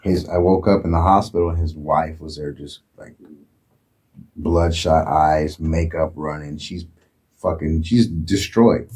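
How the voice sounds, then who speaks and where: A man from Oakland, California, telling a profane, animated story as a guest in a casual interview. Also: rumbling low, a little slow, husky. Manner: profane, animated retelling with acted quotes.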